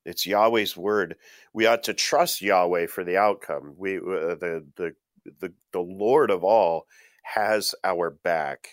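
A man's voice: low voice, takes it slowly, dry recording, clean studio sound. A man co-hosting a Bible study discussion, talking with chuckles and frequent hesitant fillers. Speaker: co-host.

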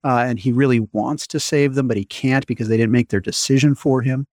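A man's voice: medium pitch, brisk, darkish tone, no echo, clean studio sound. A man teaching Lutheran doctrine in an earnest, emphatic way, often asking rhetorical questions. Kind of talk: radio-style catechism teaching.

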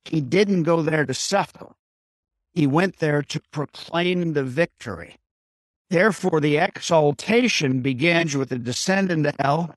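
Slow, dry-voiced man teaching a catechism lesson. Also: fairly high pitch, no echo, poor audio. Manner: explains a Bible text point by point with repeated "Okay?" checks.

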